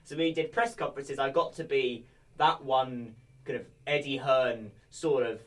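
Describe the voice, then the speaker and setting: A young man from England, a podcast guest chatting casually, jokey and deliberately high-energy. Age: young adult. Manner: animated, jokey, amps up his energy.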